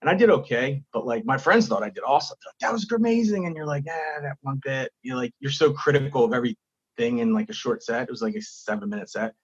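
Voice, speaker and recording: A man with a slightly husky, breathy voice tells an animated story, slipping into quick impressions of the people in it. The sound is a bit dull and lo-fi, as if recorded on a modest setup. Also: mid-range voice. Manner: animated storytelling, acts out quotes. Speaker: stand-up comedian, guest. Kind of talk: casual podcast chat.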